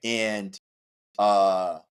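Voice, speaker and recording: A man guest on a podcast, telling a rowdy story casually, with lots of "like" fillers, cursing and acted-out shouts. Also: lowish voice, very slow, clear, resonant tone. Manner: animated, profane, many "like" fillers, acts out shouts.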